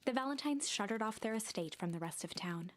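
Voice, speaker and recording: A woman reading story narration aloud in a soft, breathy, half-whispered voice. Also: mid-range voice, animated, fairly quick, a little hiss or hum, voice pushed down, close to an everyday voice. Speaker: narrator of the game text.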